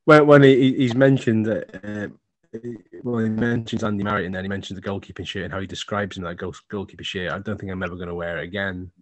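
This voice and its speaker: A man with a lowish voice co-hosts a chatty fan podcast. He rambles, restarts his sentences and laughs readily. The sound is close and dry. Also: fairly even intonation, fast, dry recording. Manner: rambling, laughs easily, stumbles over words. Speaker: podcast co-host. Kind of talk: casual football fan chat.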